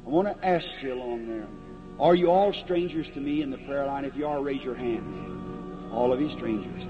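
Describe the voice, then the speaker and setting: A man's voice: mid-range voice, normal speed, music in the background. A man preaching a revival sermon and calling people up for prayer, in a folksy, plain-spoken, earnest way. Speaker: evangelist preacher. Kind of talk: old-time revival sermon and prayer line. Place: large meeting hall before an audience. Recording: dull lo-fi archival tape with faint hiss.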